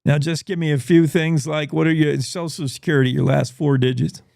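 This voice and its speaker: A man voicing a smooth-talking fake tech support scammer who uses falsely official, ingratiating patter. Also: on the high side, fairly even intonation, brisk, a little mellow, dry recording, clean studio sound.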